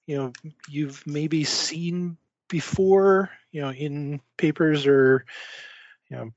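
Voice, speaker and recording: A man running a tabletop role-playing game as game master, narrating slowly with many fillers. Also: fairly high pitch, dry recording, highs cut off. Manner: slow, hesitant, many fillers.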